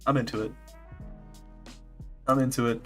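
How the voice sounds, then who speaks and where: A man's voice: mid-range voice, fairly even intonation, moderate pace, slightly rough, soft background music. A man streaming as a vtuber, chatting casually and playfully with his viewers and laughing often. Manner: giggly, playful, reacting to chat. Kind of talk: casual livestream chat.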